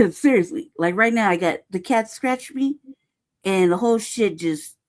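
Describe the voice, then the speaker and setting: A woman's voice: mid-range voice, unhurried, a little mellow. A woman angrily recounting events in casual, profane chat, stressing each point and often tagging "right?". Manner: heated, profane, emphatic; peppers talk with "right?" and "cuz". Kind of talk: casual storytelling.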